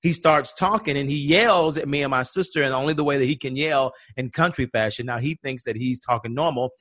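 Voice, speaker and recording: A man's voice: mid-range voice, fairly quick, fairly bright tone, dry recording, clean studio sound. A man from Atlanta telling a personal story in conversation, acting out the voices of the people he quotes. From Atlanta, USA. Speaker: guest.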